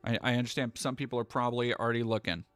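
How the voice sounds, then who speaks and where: A man's voice: mid-range voice, level tone, rapid-fire, a bit bright, clean tone, no echo, clean studio sound, faint music behind. A man from New England doing live-stream commentary, ranting in a profane, heated way.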